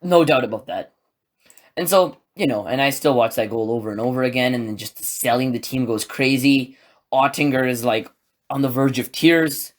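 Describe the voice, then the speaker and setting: A man talks alone into his podcast mic in a mid-range voice, neither high nor low. He is excitable and rambling and packs his sentences with filler words. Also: moderate pace. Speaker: podcast host. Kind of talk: solo podcast commentary, casual.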